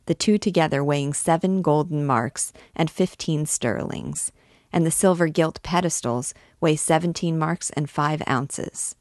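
A woman's voice: low voice, no echo, clean studio sound. A woman reading aloud, voicing an eager male jeweler among vagrants, rousing his comrades.

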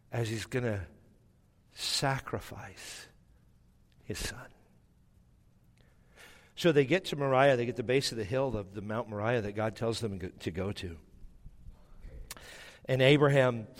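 A man's voice: mid-range voice, long reverb tail. A man preaching a sermon, telling a personal story with self-mocking humor and emotion. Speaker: pastor.

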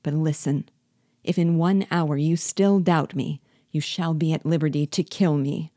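A woman voicing a gentle, loyal man who speaks softly and persuasively, slowly and without anger. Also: deep voice, steady tone, dry recording, studio quality. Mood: pleading. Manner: soft, persuasive, slow.

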